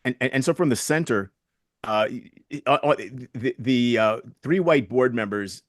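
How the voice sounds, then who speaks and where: A man's voice: medium pitch, moderate pace, dry recording, studio quality. A man in his sixties, a guest in an interview, telling stories earnestly and reflectively and retelling past conversations. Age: 60s.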